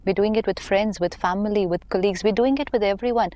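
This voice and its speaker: A woman on a talk show, calmly explaining spiritual ideas with everyday examples. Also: mid-range voice, fast, a little hiss or hum. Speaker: spiritual teacher.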